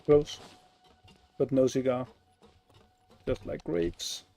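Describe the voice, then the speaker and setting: A man's voice: medium pitch, steady tone, slow, mellow. A man giving casual gameplay commentary, sarcastic and swearing freely as he plays. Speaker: gaming streamer.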